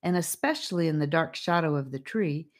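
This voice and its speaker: A woman's voice: low-pitched, animated, brisk. A woman narrating a storybook, reading aloud and addressing the listener. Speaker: audiobook narrator.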